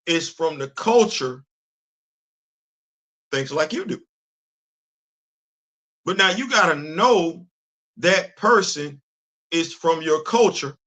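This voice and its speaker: A middle-aged Bronx show host, whose voice leans high with a sharp tone, delivers a casual opinion monologue over a streaming setup. He talks emphatically and conversationally in street slang, repeating himself and restarting.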